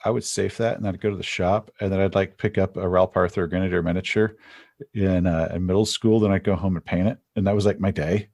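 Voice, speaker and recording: A man's voice: low voice, steady tone, fast talker, creaky, darkish tone. A man talking as a podcast guest in casual conversation, rambling and chatty, restarting his sentences as he tells stories.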